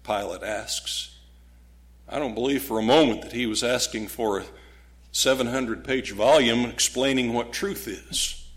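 A man preaching a sermon, emphatic, with dramatic pauses and sudden loud stresses, now and then mocking opponents' voices. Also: mid-range voice. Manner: acts out voices of critics with mock gasps.

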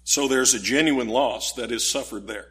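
A man preaching a sermon, slow and deliberate, lifting his voice on key words. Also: medium pitch, fairly bright tone, breathy edge.

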